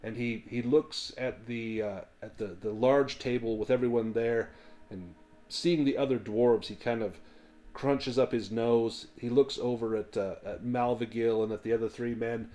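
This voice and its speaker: A man running a tabletop game as game master, narrating in a halting way with many fillers. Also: medium pitch, steady tone, warm tone.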